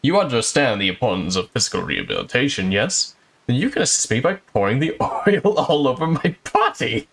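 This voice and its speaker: A man reading game dialogue aloud in character, voicing a vain, pompous older gentleman inspector in a grandiose, slow, savoring manner. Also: mid-range voice, wildly swooping pitch, gravelly, slightly rough, exaggerated voice. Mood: indulgent.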